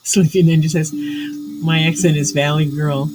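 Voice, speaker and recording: A woman's voice: sits low, fairly even intonation, normal speed, noisy background. A woman from New York chatting casually and rambling as host of a livestream, with frequent fillers. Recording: loud music playing under the voice. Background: loud relaxing background music.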